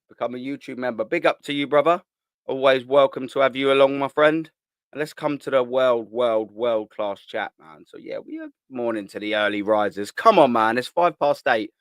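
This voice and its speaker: A chatty man hosts a morning live stream from home, talking straight to his viewers. His delivery is loose and slangy, full of repeated words and restarts. The sound is dry and close, with no room echo. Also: medium pitch. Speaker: host of a live morning fan show. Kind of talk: casual live-stream chat reading viewer comments.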